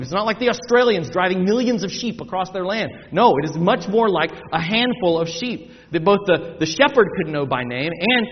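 High-voiced preacher man in a reverberant hall. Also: highs cut off. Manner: dramatic scripture reading, shifting from loud slow proclamation to soft asides; conversational teaching with repetitions and restarts. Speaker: pastor. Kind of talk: sermon.

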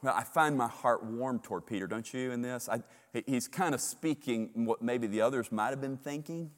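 A male pastor preaching a sermon with animated storytelling, repeating words in quick bursts. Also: mid-range voice, big-room sound.

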